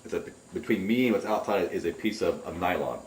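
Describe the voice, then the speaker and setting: A man recounting a camping trip in a rambling, excitable way, caught on a distant mic. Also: low-pitched, brisk, slight background noise. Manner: rambling, excitable storyteller who acts out remembered shouts. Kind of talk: casual spoken recollection. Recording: roomy, distant home recording.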